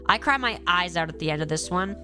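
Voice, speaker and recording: A congested woman chatting casually on a live stream, animated and gushing as she ranks episodes and acts out quoted lines. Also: on the low side, fast talker, music in the background.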